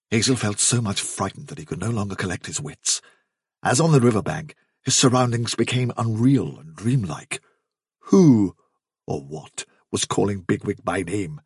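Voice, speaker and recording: A man narrating a story in a measured, hushed way. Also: lowish voice, lively intonation, slightly rough, no echo, studio quality. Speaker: audiobook narrator. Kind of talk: scripted narration.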